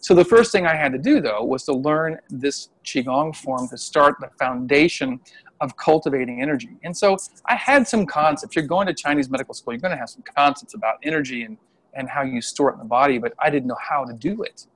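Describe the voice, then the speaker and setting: A middle-aged man, a Chinese medicine practitioner, telling a story in casual conversation from home over a video call, animated and laughing often. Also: a little high, a little fast. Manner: animated, acts out voices when quoting people, laughs often. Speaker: Chinese medicine practitioner and qigong healer, interview guest.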